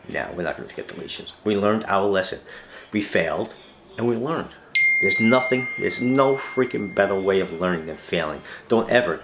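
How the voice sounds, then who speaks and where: A man's voice: sits low, fairly bright tone, reverberant, slight background noise. A middle-aged man, a retired police officer hosting his fishing channel, ranting emphatically with rhetorical questions and repeated words. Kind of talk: ranting monologue to camera.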